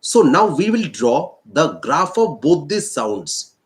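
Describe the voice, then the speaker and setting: A male teacher with an Indian English accent, slowly explaining a physics lesson and repeating key points. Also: fairly high pitch, sing-song. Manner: slow, repetitive explaining. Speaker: science teacher.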